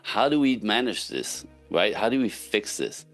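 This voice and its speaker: A man's voice: on the low side, moderate pace, soft background music. A man, a relationship coach speaking as a podcast guest, giving casual but emphatic advice and often checking in with "right?". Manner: emphatic, animated, frequent "right?" tags.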